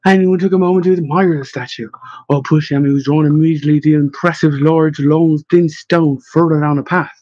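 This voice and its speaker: A man narrates a story with measured, expressive pacing. His voice sits a touch high for a man yet sounds mellow and husky. The recording is dry and dull, as if muffled. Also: dry recording. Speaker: audiobook narrator. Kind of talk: scripted narration.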